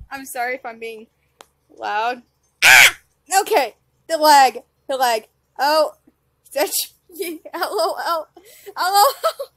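A woman giving live gameplay commentary, excitable, often squealing and laughing. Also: high-pitched, a little hiss or hum. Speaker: gaming channel host.

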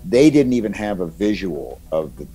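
Very deep-voiced older man, reflective. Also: very animated, moderate pace, mellow, breathy edge, faint music behind. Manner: reflective and chuckling, trails off and restarts. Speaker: guest voice actor. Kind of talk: casual interview chat.

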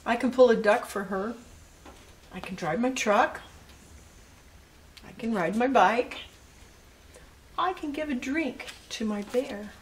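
A grandmother with a fairly high voice reads picture books slowly, leaving long pauses. She brings the stories to life and speaks asides to her grandchildren, with slight hiss or hum audible.

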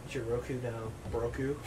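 A young man hosting a gaming video, chatting casually in an excitable, rambling way with plenty of swearing. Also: mid-range voice. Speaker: gaming channel host. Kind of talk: casual chat over gameplay. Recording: distant mic with clear background noise.

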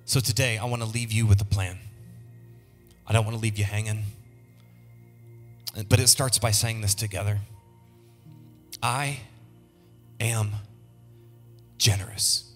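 A middle-aged male pastor preaching a sermon, leading the congregation in call-and-response and swinging from low murmurs to soaring shouts. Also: fairly even intonation, normal speed, long pauses, faint music behind.

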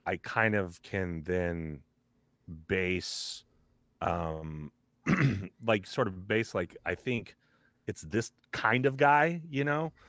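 A man's voice: deep voice, extremely slow, a bit bright, dry recording. A man who works as a voice actor, talking casually as a podcast guest, rambling with lots of fillers and breaking into character voices.

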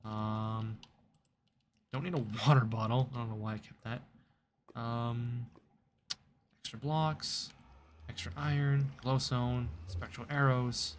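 A man's voice: medium pitch, steady tone, takes it slowly, pauses often, a little hiss or hum. A man giving chatty, self-mocking commentary while playing a game at his computer desk. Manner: chatty and self-mocking, talks to the game's creatures. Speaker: streamer and gaming video creator. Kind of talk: live gameplay commentary.

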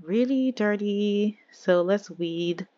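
A woman's voice: mid-range voice, slow pace, warm tone, dry recording, highs cut off. A woman giving casual, chatty let's-play commentary on a life-simulation game, talking straight to her viewers. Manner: chatty, addresses viewers as y'all. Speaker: game streamer.

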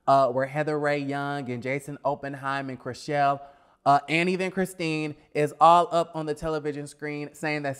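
Sassy young guy ranting about a reality show, kinda high voice, smooth and clear, getting over a cold. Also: fairly bright tone. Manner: sassy, blunt, scatterbrained asides. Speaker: reality TV reviewer. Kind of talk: casual review vlog.

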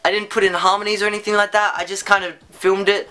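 A sleepy young man talking to his viewers in a casual vlog monologue. He stutters and restarts often and rambles with excitable, gushing energy. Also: high voice, fast. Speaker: YouTuber.

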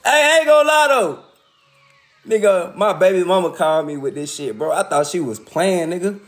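A man's voice: high-pitched, animated, normal speed. A man ranting casually on a livestream, profane and laughing often.

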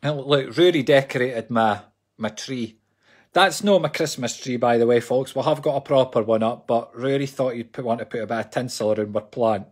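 A man's voice: mid-range voice, moderate pace. A Scottish man, a psychic medium, giving readings on a live stream in a chatty, jokey way and talking to viewers as folks.

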